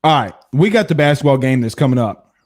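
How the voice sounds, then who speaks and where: A man's voice: medium pitch, lively intonation, fast talker, darkish tone. A man hosting a live-stream sports talk show, reading viewer comments and giving blunt opinions. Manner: blunt and opinionated, with frequent restarts and laughs.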